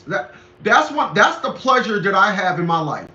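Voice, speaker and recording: A man's voice: sits high, big pitch swings, moderate pace, pushed and bright. A middle-aged man hosting a commentary show, lecturing emphatically and repeating himself in a casual monologue. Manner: emphatic, repetitive, preachy. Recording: echoey lo-fi room recording.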